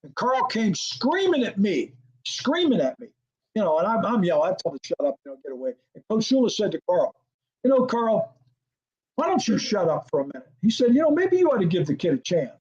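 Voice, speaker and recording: A man's voice: sits high, a little fast, lo-fi sound. An older man, a former football coordinator, telling a story as an interview guest and acting out the dialogue. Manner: animated storyteller, acts out quoted dialogue, laughs often.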